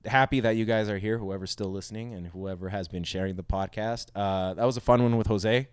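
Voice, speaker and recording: A man's voice: lowish voice, a little fast, clear, resonant tone, no echo. A man co-hosting a podcast in casual chat, telling stories with frequent laughs and casual swearing. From Southern California. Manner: laughs often, swears casually, animated storytelling. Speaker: podcast co-host.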